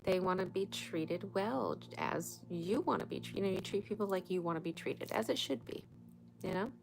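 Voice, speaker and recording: Over background music, this livestream host loosely and frankly offers spiritual advice, swearing now and then, in a casual late-night chat. She has a mid-range voice with vocal fry at a moderate pace, and the recording quality is low.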